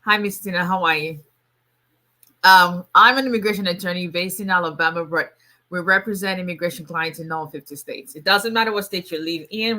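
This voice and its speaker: Bright-voiced woman attorney chatting live. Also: fairly low pitch. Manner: chatty, laughs often, frequent restarts. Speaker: immigration attorney hosting a livestream. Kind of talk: casual livestream chat.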